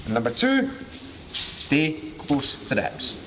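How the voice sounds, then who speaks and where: Pitch swooping wildly from a fairly high base, he speaks slowly in a broad Glaswegian accent while leading a live martial arts class on the mat. The Glasgow man is jokey and cheeky, swears freely, and is heard in a big-sounding room with background noise.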